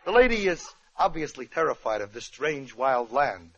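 A man's voice: medium pitch, big pitch swings, moderate pace, highs cut off. A male comedian narrating a parody story, with chatty wisecracking asides, on an old radio recording.

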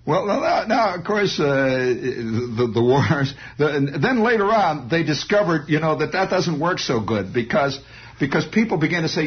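A man's voice: a little high, expressive, moderate pace, breathy edge. A man telling a rambling comic monologue in a wry storytelling manner, throwing in sound effects. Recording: dull lo-fi recording.

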